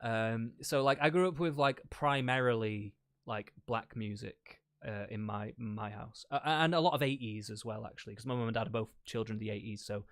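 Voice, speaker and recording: A man from England chatting casually as a debate guest, relaxed, swearing freely and laughing often. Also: fairly low pitch, normal speed, hardly any pauses, no echo, studio quality. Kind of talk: casual chat.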